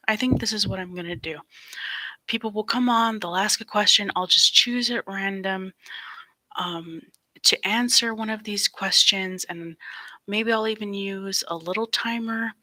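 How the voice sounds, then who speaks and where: A woman tarot reader chatting softly to her live stream viewers, often dropping into a whisper. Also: medium pitch, no room sound. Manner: slow, soft-spoken, drifts into whispers.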